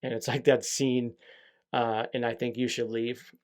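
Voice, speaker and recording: A man's voice: mid-range voice, flat delivery, unhurried. A young adult man hosting a solo podcast, talking candidly and rambling with lots of fillers and swearing. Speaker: podcast host. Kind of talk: casual solo podcast monologue.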